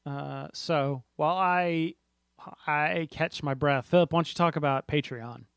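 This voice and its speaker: A man's voice: fairly high pitch, fairly even intonation, unhurried, vocal fry, a bit bright, clean tone, no echo, clean studio sound. A man co-hosting a casual board game podcast, rambling and often restarting his sentences. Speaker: podcast co-host.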